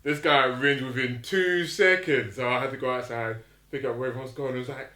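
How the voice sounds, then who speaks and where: A man's voice: medium pitch, expressive, fairly quick, a bit bright. A man co-hosting a podcast, telling a story in laid-back casual chat. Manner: laid-back, quotes others in his story. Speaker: podcast co-host. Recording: echoey room.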